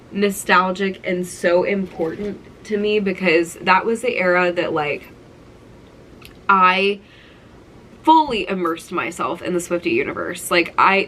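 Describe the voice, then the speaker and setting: Her medium-pitched, fairly bright voice carries over a faint hiss or hum in a low-quality recording. She's a vlogger in her twenties doing a casual show-and-tell of her keepsake collection, gushing, nostalgic and full of "like."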